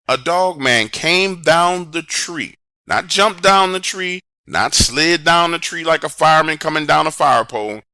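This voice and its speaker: Man, bright forceful tone, first-person horror storyteller, dry close mic. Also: no room sound. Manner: animated, dramatic storytelling with big swings in pitch and volume.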